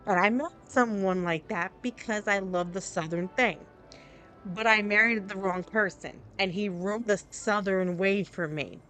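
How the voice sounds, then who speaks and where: A chatty streamer, a woman whose voice sits at an ordinary middle pitch. She talks to her chat in a loose, candid ramble, circling back and restarting her thoughts as she plays. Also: a little slow, a bit bright, soft background music. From New Jersey. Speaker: game streamer. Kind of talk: casual live-stream chat.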